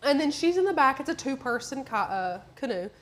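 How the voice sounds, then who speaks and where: A woman co-hosting a live crafting stream, telling stories in a chatty way with quick asides. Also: sits high, sing-song, a bit bright. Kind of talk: casual chat.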